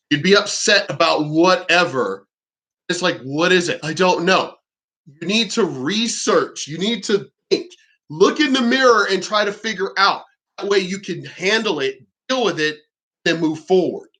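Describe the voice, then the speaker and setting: A man vents in a loose vlog rant, blunt and profane. His voice sits high and rings bright. He rambles and restarts mid-thought, sounding fed up rather than polished. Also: expressive, unhurried. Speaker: vlogger. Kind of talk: unscripted ranting commentary.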